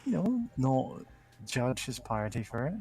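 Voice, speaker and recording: Very low-voiced woman, dry chat. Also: very animated, a little slow, mellow, soft background music. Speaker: co-player. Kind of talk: casual gaming chat.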